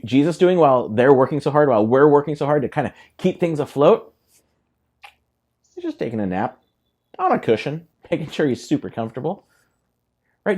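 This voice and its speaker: A man preaching a sermon as a pastor, animated, acting out quoted voices with laughs. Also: medium pitch. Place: church.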